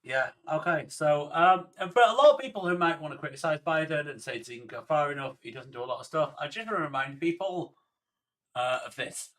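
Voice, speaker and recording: Chatty higher-voiced male streamer. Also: animated, a bit bright, recorded from a distance. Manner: chatty, halting, stammering restarts. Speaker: streamer commentator. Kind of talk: casual reaction commentary.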